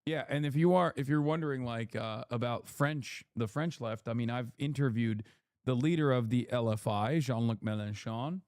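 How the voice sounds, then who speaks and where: A man's voice: mid-range voice, normal speed, darkish tone, no room sound, studio quality. A man streaming political commentary, swearing and ranting as he reads chat and polls. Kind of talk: casual livestream commentary.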